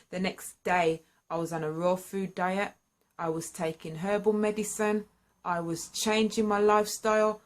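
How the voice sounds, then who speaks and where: A woman telling her own story to camera, candid and earnest, and lively when excited. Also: on the low side. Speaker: singer sharing a personal story. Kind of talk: candid personal vlog storytelling.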